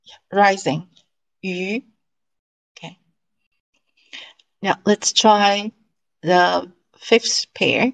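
A woman teaching an online language class, slowly and patiently drilling syllables and tones for her students to repeat. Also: fairly low pitch, steady tone, gravelly, poor audio.

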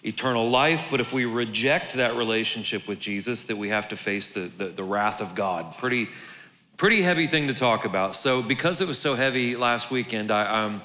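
In a large church hall with long reverb and faint ambience, a man preaches with a medium-pitched voice that is expressive, bright and forceful at normal speed. His sermon is casual and conversational, punctuated by jokes and restarted words, with slight background noise.

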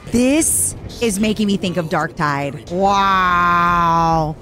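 Excitable woman streamer, lively pitch. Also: normal speed, soft background music. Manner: excitable, gushing, playful. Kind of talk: live gameplay commentary.

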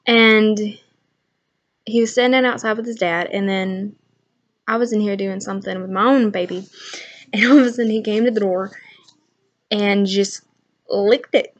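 A woman's voice: medium pitch, steady tone, moderate pace, long pauses, lo-fi sound. A young woman chatting casually on her own vlog, rambling through funny stories about kids and laughing as she goes. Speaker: channel owner.

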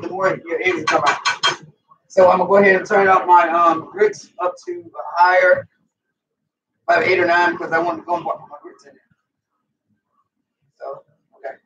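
A man's voice: sits high, a bit bright. A middle-aged man with a Southern US accent, chatting casually and cursing as he demonstrates cooking in his home kitchen, talking straight to viewers. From American South. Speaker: cooking vlogger. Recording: roomy distant dull mic, faint noise.

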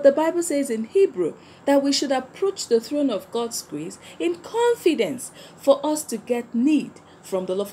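A woman's voice: high-pitched, dark tone, a little hiss or hum. A woman giving a Sunday school lesson to children in an emphatic way, repeating key phrases and putting questions to her listeners.

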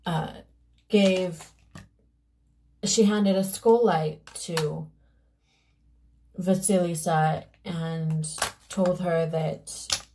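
A woman vlogger telling a fairy tale casually while doing her makeup, with loose, unhurried asides. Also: lowish voice, fairly even intonation, dark tone, a little hiss or hum. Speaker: beauty vlogger.

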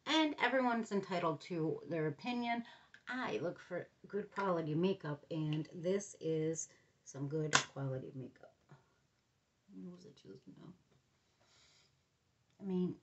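Middle-aged woman, beauty vlogger, casual rambling chat, muttered asides, lowish voice. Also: a little slow, long pauses, lo-fi sound. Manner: chatty, rambling, often mutters to herself under her breath. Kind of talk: casual makeup review.

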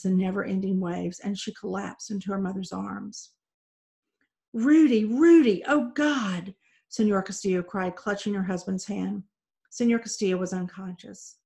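A woman teacher reads a novel aloud to her seventh-grade class, rising and falling with the drama of the story. Her voice has a gravelly, creaky texture at a mid pitch. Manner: expressive, dramatic read-aloud.

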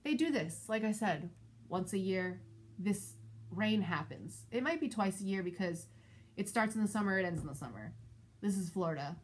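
A woman vlogger and mother telling a personal story in a casual, animated, exasperated way. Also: moderate pace, slightly rough. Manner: animated, exasperated retelling with shifting pitch. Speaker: parent of school-age kids.

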